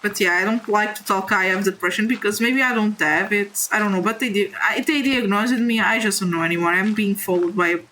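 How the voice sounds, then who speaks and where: Young female gaming streamer, non-native English, mid-pitched, halting and sincere, with faint noise behind her. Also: sharp tone, low-quality recording. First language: a language other than English. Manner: halting, heartfelt and confessional, with frequent restarts; apologetic, reassuring her viewers. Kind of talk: casual confiding chat while playing a game.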